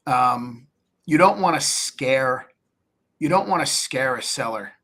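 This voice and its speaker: A man's voice: mid-range voice, expressive, takes it slowly, fairly bright tone. Blunt male real estate coach. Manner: blunt, coaching tone, acts out seller dialogue. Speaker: real estate investor guest. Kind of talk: casual live-stream interview.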